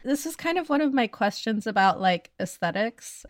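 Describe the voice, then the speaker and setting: A woman interviewing a guest, asking curious, measured questions in a casual conversation. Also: on the high side, animated, no room sound, clean studio sound.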